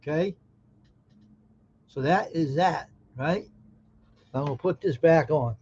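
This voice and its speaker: A man's voice: a little high, slow, a little mellow, slightly rough. A man hosting a live stream, casually joking with viewers and reading their comments. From American South. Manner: folksy, joking, talks straight to chat viewers. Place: indoors at home. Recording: dull lo-fi stream audio.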